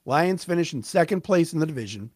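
Male sports podcast host, slightly raised pitch, emphatic fan energy, dry close mic. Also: fast talker, breathy edge, no room sound. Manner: animated, emphatic, fan-like commentary with asides. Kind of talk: solo sports talk recap.

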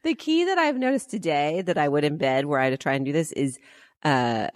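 A woman with a very low voice co-hosts a podcast, animated and self-deprecating. The sound is close and dry. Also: moderate pace, no room sound. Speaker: podcast co-host.

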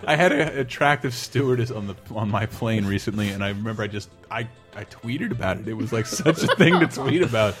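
A man's voice: fairly low pitch, animated, brisk, few pauses, fairly bright tone, soft background music. A man in casual chat, sardonic and freely profane.

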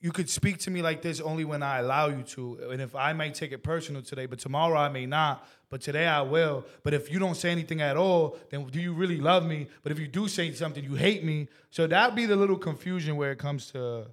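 A man's voice: on the high side, quick pace, few pauses. A man co-hosting a podcast, talking bluntly and emphatically and swearing freely in casual chat. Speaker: podcast co-host.

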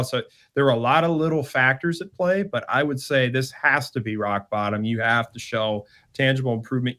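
A man's voice: mid-range voice, a bit bright. A man talking sports as a podcast guest, conversational, with frequent "like" fillers. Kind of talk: casual sports analysis chat.

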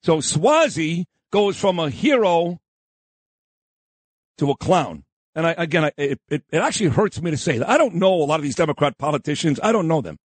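Husky lively radio host guy, combative, repeats himself a lot. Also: fairly high pitch, a little fast, no echo. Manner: combative, insulting, repeats himself, shouts down opponents. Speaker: radio talk show host. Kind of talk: opinionated talk radio monologue.

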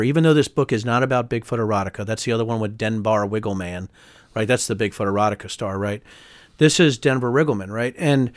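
A man, a former congressman, speaking as a guest in a candid political interview, fast and emphatic, often heated, tagging his points with "right?". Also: lowish voice, no echo. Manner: fast, emphatic and heated, many tag questions.

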